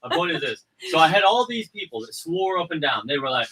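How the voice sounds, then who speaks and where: Chatty indie filmmaker, man, rambles and restarts, bright tone. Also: fairly high pitch, animated, fast talker, hardly any pauses, distant mic, slight background noise, rough recording. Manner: rambling, repeats words, acts out quotes. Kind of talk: casual livestream chat.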